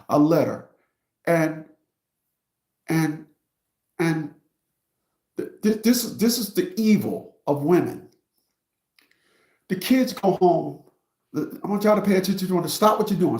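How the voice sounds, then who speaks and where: A man's voice: on the high side, a little mellow. A man telling a story to his viewers in a casual, emphatic and profane rant, speaking straight to the audience. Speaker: streamer and commentator. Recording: roomy echo.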